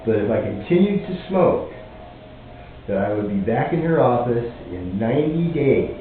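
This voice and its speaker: Halting man telling a story in an echoey room. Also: medium pitch, very animated. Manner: halting, many fillers and restarts. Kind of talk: casual personal storytelling to camera. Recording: echoey, distant, phone-like lo-fi with faint noise.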